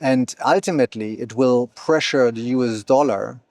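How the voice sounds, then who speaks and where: A man's voice: mid-range voice, normal speed, darkish tone, no echo, clean studio sound. A man being interviewed as a company founder, talking fluently but with many fillers and restarts. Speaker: exchange founder, guest. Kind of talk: conversational interview. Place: event venue.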